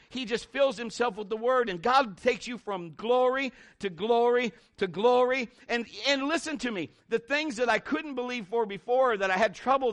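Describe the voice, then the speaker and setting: High, bright-voiced man preaching. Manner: animated, conversational preaching with lively pitch swings. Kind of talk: sermon.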